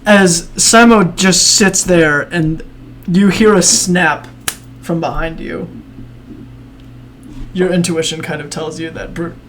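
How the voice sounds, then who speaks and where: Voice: mid-range voice, fairly even intonation, slow, pauses often, a bit bright, slight background noise. A game master narrating a tabletop game casually, in a laid-back way, often laughing and trailing off with fillers.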